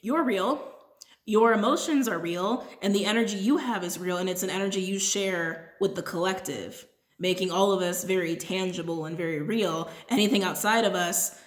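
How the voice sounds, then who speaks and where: A woman talks through a tarot reading in a loose, rambling way, often checking in with "right?". Her voice sits in a middle pitch, and the room around her adds a noticeable echo. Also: normal speed. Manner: chatty and rambling, with frequent "right?" asides. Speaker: tarot reader. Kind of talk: casual spoken tarot reading.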